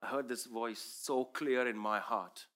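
A man's voice: medium pitch, measured pace, sharp tone. A man whose first language is Urdu, giving an earnest, emphatic sermon testimony as a preacher.

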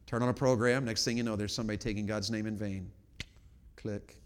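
A middle-aged man preaching a revival sermon, telling folksy stories that move from quiet talk to loud shouting. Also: fairly low pitch, steady tone, brisk, clean tone. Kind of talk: sermon with storytelling. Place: large church auditorium. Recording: long hall reverb.

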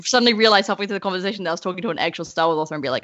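A woman co-hosting a podcast in casual chat, animated and self-deprecating. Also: fairly low pitch, very fast, dry recording, highs cut off. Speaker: podcast co-host.

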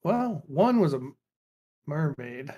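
Lively higher-voiced man telling stories. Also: slow pace, husky. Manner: animated storyteller, slips into quoted voices. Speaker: podcast co-host. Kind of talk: casual chat.

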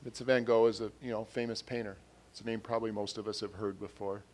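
A man preaching a sermon in an earnest way, repeating his phrases and growing louder when he reads quotes and scripture. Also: lowish voice, fairly even intonation, quick pace.

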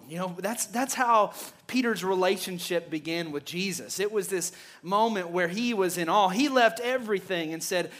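A man's voice: high voice, moderate pace, few pauses, a bit bright. A male pastor preaching a sermon emphatically, often stammering and repeating words as he builds a point.

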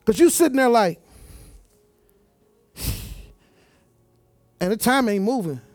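A man's voice: extremely high pitch, animated, fast, no echo, soft background music. A man preaching a sermon, emphatic, repeating words and phrases as he talks straight to the congregation.

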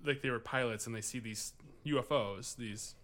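A man's voice: mid-range voice, moderate pace, a bit bright. A Midwestern man chatting loosely on a podcast. He rambles, restarts his sentences and swears freely, with a mid-range voice. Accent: Midwestern American. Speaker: podcast co-host. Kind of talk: casual chat.

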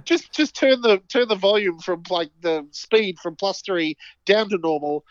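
An Australian man with a high voice chats and cracks jokes as a podcast co-host. The recording is dry and close, with a dull, lo-fi tone. He rambles casually from one thought to the next. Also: expressive, measured pace, dry recording. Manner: jokey, rambling banter. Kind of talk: casual chat.

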